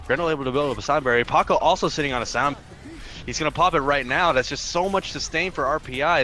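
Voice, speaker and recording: A man giving fast live play-by-play commentary on an esports match in clipped phrases. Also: medium pitch, pushed and bright. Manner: rapid play-by-play, clipped phrases, quick restarts.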